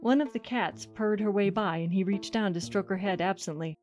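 A woman giving a dramatic reading of a short story in a wry, measured way. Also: medium pitch, darkish tone, soft background music. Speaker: story reader.

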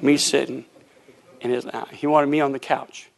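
A man's voice: mid-range voice, normal speed, vocal fry. A middle-aged man preaching a sermon as pastor, telling a story with acted-out voices and frequent laughter. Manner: animated storytelling, acts out voices, laughs often.

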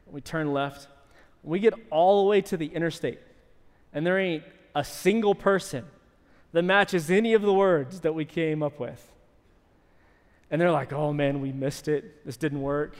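Man preaching in an echoing church hall. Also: a little high. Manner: animated storytelling, shouting in acted quotes. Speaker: pastor. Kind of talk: sermon.

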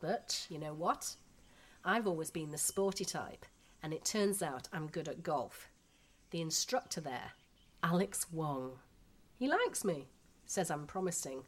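An actress in her thirties with a Yorkshire accent plays a frank, gossipy expat housewife and mother in a radio drama. Her low voice is animated and measured in pace, and she sounds chatty, blunt and down-to-earth.

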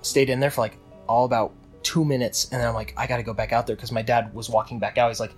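A man's voice: mid-range voice, flat delivery, fast, soft background music. A young man casually telling a long story with many restarts, acting out what people said. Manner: rambling with restarts, acts out quotes.

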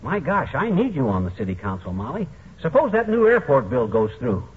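An actor playing a boastful, blustering middle-aged husband with pompous speechifying, in a 1940s radio comedy. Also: male voice, mid-range voice, very animated, a little fast, slightly rough. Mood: blustery. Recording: tinny old radio broadcast, faint hiss.

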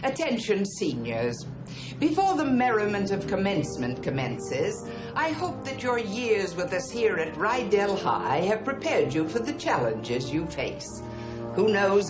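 An actress playing a prim middle-aged school principal, making a formal address to graduating students in a film scene. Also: female voice, mid-range voice. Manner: formal, ceremonious announcement. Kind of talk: 1980s film acting. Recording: film soundtrack with music behind. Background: music.

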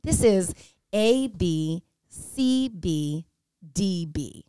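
A woman's voice: on the low side, expressive, very slow, warm tone, clean tone. A middle-aged woman co-hosting a casual chat about hymns, explaining poetry in an earnest, explanatory way. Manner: explanatory, reads notes aloud. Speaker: podcast co-host.

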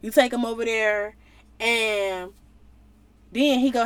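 A woman's voice: fairly high pitch, takes it slowly, long pauses, smooth. A woman giving a casual Bible teaching, talking straight to her viewers. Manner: animated, talks to viewers directly.

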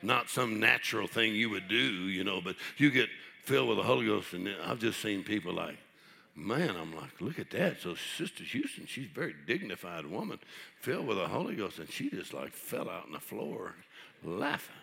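A middle-aged man pastor preaching a sermon, telling folksy stories and building up to shouted preaching. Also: lowish voice, sing-song, normal speed, gravelly.

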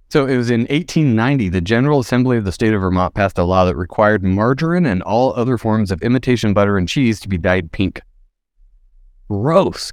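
A man's voice: lowish voice, a little mellow, no room sound, studio quality. A man hosting a casual podcast, reading out odd laws and riffing on them with casual swearing. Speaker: podcast host.

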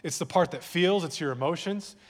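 In a large church hall, a male pastor with a fairly high voice preaches at a fairly quick clip. His sermon is conversational, with repeated words and jokes aimed at his listeners.

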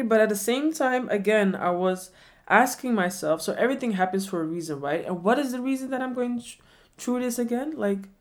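A woman in her twenties telling a personal story in a reflective way, often repeating questions to herself. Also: medium pitch. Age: 20s. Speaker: vlogger.

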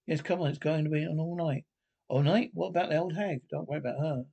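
A man with an English accent in dialogue from a 1960s British comedy film, talking in brisk banter. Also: a little high, fairly even intonation, gravelly, dark tone.

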